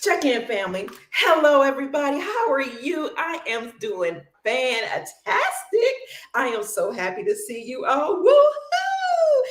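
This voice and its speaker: Exuberant high-voiced woman livestream host. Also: very animated, measured pace, reverberant. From Cleveland, Ohio. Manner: exuberant, sings snatches and laughs often. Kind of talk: casual livestream chat greeting viewers.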